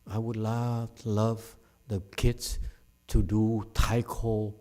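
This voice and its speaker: Unhurried middle-aged man teaching Buddhism, dark-toned and blunt, ribs his audience with a laugh. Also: lowish voice, little pitch movement. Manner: frank and scolding, teases listeners by name, laughs often. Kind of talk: dharma talk to a live audience.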